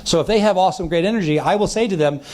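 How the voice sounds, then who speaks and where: Racing along in a high, slightly mellow voice, a man teaches a live seminar on sales. As a sales trainer, he performs the conversations he's describing and repeatedly checks in with the audience.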